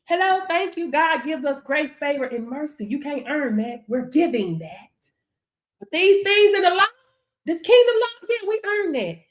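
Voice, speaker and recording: High-voiced woman preaching emphatic affirmations. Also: big pitch swings, moderate pace. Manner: preacher-like, emphatic, with frequent "Hello?" call-outs; repeats affirmations in a rhythmic chant. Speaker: business coach. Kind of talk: motivational faith-based pep talk.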